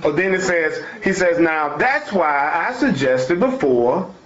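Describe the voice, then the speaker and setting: A man's voice: on the high side, sing-song, unhurried, fairly bright tone. Emphatic man in an echoey room. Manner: emphatic and repetitive, restating each point; folksy, informal phrasing. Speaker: spiritual teacher. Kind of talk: spiritual talk, reading and explaining a text. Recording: echoey room, dull lo-fi sound.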